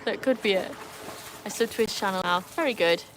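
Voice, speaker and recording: Against a noisy background, a woman with a mid-range voice speaks a little fast. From Wales and with a Welsh accent, she runs a casual poolside livestream outdoors, chatty as she reads viewers' comments off a phone and responds.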